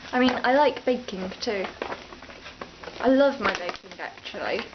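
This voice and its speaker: A woman's voice: medium pitch, lively intonation, a little slow, muffled recording, background noise. A young British woman from the East Midlands, rambling unscripted and chatty to her camera at home, often breaking off mid-sentence. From East Midlands, England. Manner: rambling, self-interrupting, chatty. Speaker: vlogger. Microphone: camera mic.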